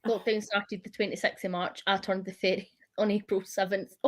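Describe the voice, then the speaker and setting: Woman mid 30s, teasing and laughy, mid-pitched everyday voice. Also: little pitch movement, normal speed. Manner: teasing, laughs through her words. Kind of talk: casual chat.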